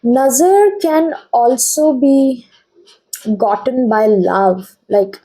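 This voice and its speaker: A woman's voice: fairly high pitch, very slow, warm tone, slightly rough, poor audio. A young woman giving a casual tarot reading, chatty and often checking in with her viewers. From India. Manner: chatty, keeps checking in with "okay?". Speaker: tarot reader.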